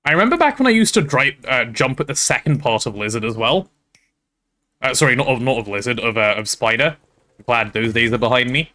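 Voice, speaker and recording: A man chatting casually while playing on a game stream, talking to his chat and thinking out loud. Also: medium pitch, animated, fairly quick.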